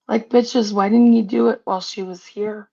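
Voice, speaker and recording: Outspoken woman streamer, gravelly voice, dull lo-fi call sound. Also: medium pitch, fairly even intonation, normal speed, dark tone. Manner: blunt, outspoken. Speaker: livestream host. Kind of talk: casual livestream chat.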